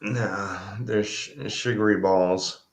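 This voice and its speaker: A man's voice: fairly low pitch, steady tone. A man co-hosting a casual chat, adding brief remarks and jokes. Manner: slow, brief interjections.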